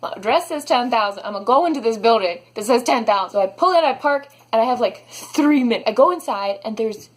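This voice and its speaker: A young woman telling a storytime vlog, animated and dramatic, saying "like" a lot. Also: a little high, a little fast, hardly any pauses. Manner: animated, dramatic, heavy use of "like". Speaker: vlogger.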